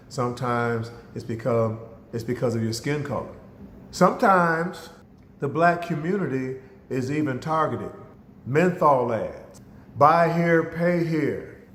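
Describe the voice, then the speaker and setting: A man's voice: mid-range voice, a bit bright, slight background noise. A man giving a motivational talk, speaking emphatically and addressing listeners directly, with stories woven in. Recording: echoey hall reverb.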